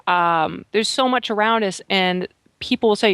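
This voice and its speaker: Give me a conversational podcast interviewer in a mid-pitched voice with a dry sound. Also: moderate pace, fairly bright tone, clear, resonant tone, no room sound. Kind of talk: casual interview talk.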